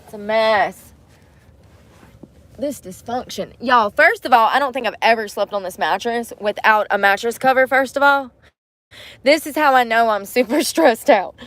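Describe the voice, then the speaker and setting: A young woman, chatting casually to camera from inside a vehicle, often dropping to soft mutters. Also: fairly high pitch, moderate pace, dry recording. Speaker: vlogger. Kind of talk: casual vlog talk to camera. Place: inside a vehicle bed at night.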